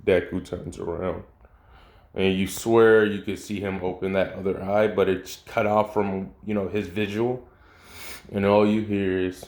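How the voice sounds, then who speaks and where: A man's voice: low-pitched, level tone, a little slow, a little mellow. A man casually improvising a fan story, rambling with slang and swearing. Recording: echoey room.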